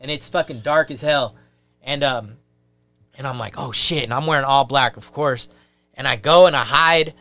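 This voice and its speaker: Profane, animated young man telling a story. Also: mid-range voice, normal speed, no echo. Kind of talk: casual chat.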